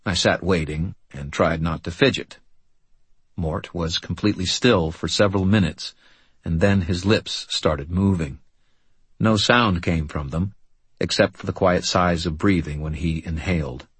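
A man narrating a first-person audiobook in a steady, understated way. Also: deep voice, a little slow, husky, no room sound.

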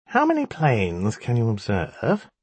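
A man's voice: mid-range voice, wildly swooping pitch, unhurried, breathy edge, no echo, exaggerated voice. A man voicing an impatient, pompous male jinn who speaks in a haughty, mocking, commanding way.

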